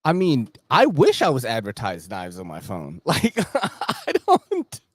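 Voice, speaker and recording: Animated, laid-back male podcast host. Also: mid-range voice, a little slow, no echo. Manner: laid-back, swears freely, chuckles often. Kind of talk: casual show chat.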